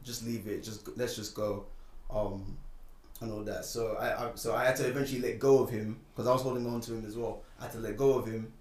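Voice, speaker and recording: A young man recounts a personal story in a relaxed, conversational way. He sounds set back from the mic in a roomy space, and his voice jumps up sharply when he gets indignant. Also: medium pitch, fast talker, far from the mic. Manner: animated, rising and loud when indignant. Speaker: guest telling a personal story. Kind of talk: casual storytelling chat.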